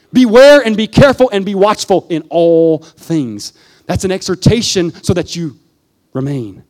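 A man preaching a sermon with fervor, swinging between hushed, low passages and emphatic peaks, often breaking in with "listen" to address the congregation.

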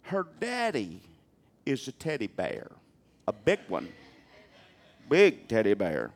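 An older man, preaching a sermon as pastor in a folksy, animated way with humor. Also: medium pitch, slow pace.

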